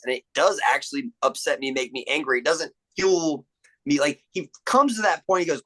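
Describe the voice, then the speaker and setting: Fairly high in pitch and fairly quick, a young man's voice comes through poor audio as he guests on a podcast. It's a casual chat where he tells movie scenes with animation, voicing the quotes and swearing plenty.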